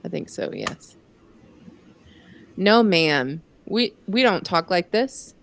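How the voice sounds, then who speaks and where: Lively, slow-talking woman in her forties. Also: fairly low pitch, gravelly. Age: 40s. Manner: laughs often, teasing and animated. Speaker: podcast co-host. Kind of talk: casual live-stream chat.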